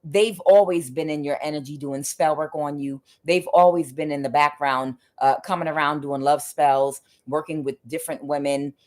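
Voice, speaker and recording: A woman's voice: deep voice, fairly even intonation, moderate pace, few pauses, a little mellow. A woman tarot reader giving a spiritual reading in an emphatic, preachy way, with frequent fillers.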